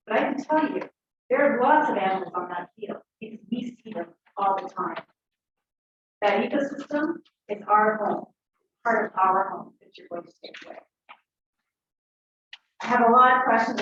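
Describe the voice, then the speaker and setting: A woman's voice: mid-range voice, fairly bright tone, a little hiss or hum. A woman speaks earnestly and emotionally as a resident addressing her town council. Her voice comes from a distant mic and sounds muffled. The chamber is very echoey. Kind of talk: public comment at a town meeting.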